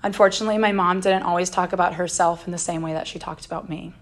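Young woman speaker, earnest and gentle, slightly low voice. Faith talk. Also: fairly even intonation, quick pace. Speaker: guest speaker.

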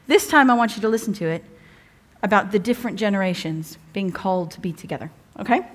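A woman's voice: medium pitch, fast. A woman giving a sermon as a guest preacher, chatty and humorous, often breaking off to restart or joke. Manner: chatty, humorous, self-interrupting. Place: church evening service.

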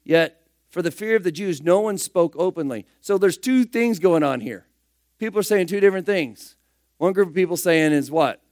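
A man preaching a sermon, firing rhetorical questions and swinging between loud emphatic bursts and hushed asides. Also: sits high, animated, normal speed, no room sound, clean studio sound.

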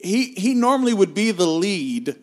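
A man's voice: sits high, sing-song, normal speed. A man co-hosting a film review podcast, talking casually and enthusiastically, often stumbling and restarting his sentences.

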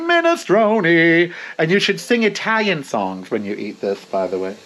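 A man's voice: on the high side, a bit bright. A man hosting a cooking vlog, chatting casually in a campy, sassy way with theatrical asides while he works in his home kitchen.

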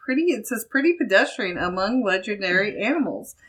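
A woman's voice: mid-range voice, expressive, fairly quick, a bit bright. A woman from Ohio co-hosting a casual podcast, reading a news article aloud and laughing often. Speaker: podcast co-host.

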